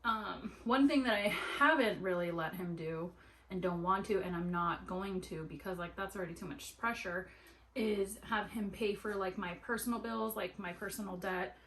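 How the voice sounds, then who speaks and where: A young adult woman vlogging while she sews, telling a story in an animated way with lots of "like" fillers. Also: mid-range voice, normal speed, rough recording. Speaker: sewing vlogger. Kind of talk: casual chat while sewing. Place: at home at a sewing table.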